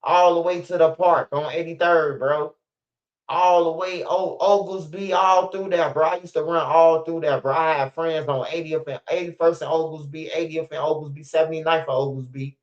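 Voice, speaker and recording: A middle-aged man with a Chicago accent, telling stories in a rambling, profane street-talk monologue. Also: a little high. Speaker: storyteller. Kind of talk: casual storytelling monologue. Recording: slightly muffled lo-fi recording.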